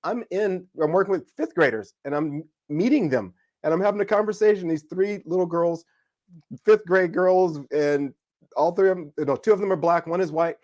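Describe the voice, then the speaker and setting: A man from California telling a story in a casual live discussion, animated and acting out voices. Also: sits high, normal speed, dull audio. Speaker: co-host.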